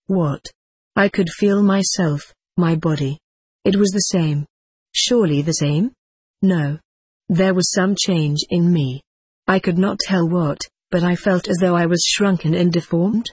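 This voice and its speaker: Husky-voiced woman narrating solemnly. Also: on the low side, a little mellow, dry recording. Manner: measured, solemn dramatic reading. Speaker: audiobook narrator. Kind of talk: scripted first-person story narration.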